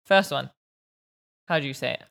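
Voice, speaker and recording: A woman's voice: rumbling low, moderate pace, gravelly, a bit bright. A young British woman with a British accent, casually quizzing a friend and correcting his pronunciation with amused teasing. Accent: British English. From Britain. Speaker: vlog host.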